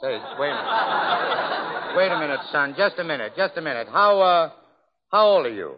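A middle-aged man hosting a 1930s radio variety show, joking and bantering in a jovial, expressive way. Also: fairly high pitch, normal speed, heavy background noise. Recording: dull old radio recording with long hall reverb.

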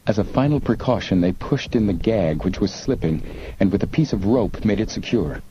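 A man narrating an audiobook in a measured, steady manner. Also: lowish voice, dull audio, a little hiss or hum. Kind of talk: scripted narration.

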